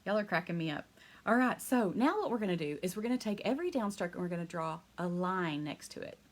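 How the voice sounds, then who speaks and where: A woman teaching a live hand-lettering class online. She talks fast and excitedly, chatty and encouraging, and laughs often. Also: fairly low pitch. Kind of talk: live online craft lesson.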